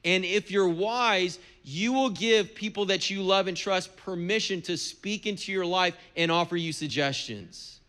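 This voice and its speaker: Pastor guy preaching, high bright voice, chatty and earnest with little jokes. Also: unhurried, few pauses, clean tone. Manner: conversational, earnest preaching with humor. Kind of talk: sermon.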